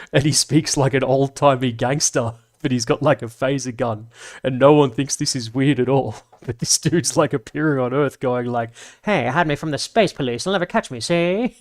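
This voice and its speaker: A man's voice: medium pitch, gravelly. Rambling sweary man. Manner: rambling, sweary, laughs often. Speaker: livestream host. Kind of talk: casual livestream chat reading comments.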